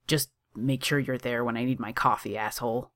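A demanding young man mutters in a pissy, grudging tone, dropping his voice low, voiced by a storybook reader. The recording is dry and close. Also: fairly even intonation, a little fast, fairly bright tone, no room sound, close to an everyday voice. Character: needy, grumpy young man, demanding customer.

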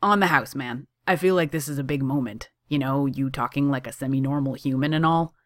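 A reader voicing an excitable young man who works as a barista, eager and teasing as he talks. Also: medium pitch, fairly quick, no room sound, clean studio sound, lightly acted. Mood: playful. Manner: eager and teasing, laughing easily.

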